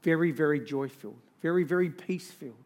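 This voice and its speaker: A man delivering a sermon in a fairly high voice. He swings between hushed, intimate storytelling and loud, rousing calls to the congregation, with emphatic, repeated phrases. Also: fast talker. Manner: emphatic, repetitive lists. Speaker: pastor.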